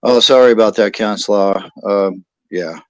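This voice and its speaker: A man's voice: on the low side, measured pace, a bit bright, no echo. A man with an American accent hosting a casual livestream chat, rambling and reading viewer comments aloud. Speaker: livestream host.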